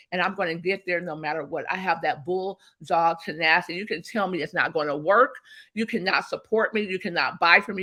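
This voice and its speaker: Bright-voiced woman guest, emphatic, lively motivational storyteller. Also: on the low side. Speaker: guest, business strategist. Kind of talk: motivational interview talk.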